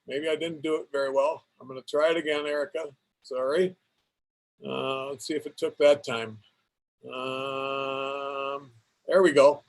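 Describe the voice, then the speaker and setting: A man's voice: medium pitch, little pitch movement, measured pace. A man moderating a press conference, chatty and casual, fumbling a little as he introduces a guest. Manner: chatty, slightly fumbling, many fillers. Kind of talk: casual hosting.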